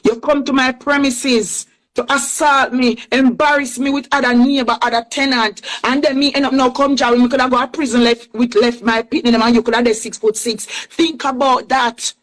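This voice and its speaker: Heated Jamaican woman, high voice. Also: steady tone, normal speed, few pauses, poor audio. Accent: Jamaican, Clarendon. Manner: heated, repetitive, defiant. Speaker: accused woman responding. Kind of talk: angry social media rant.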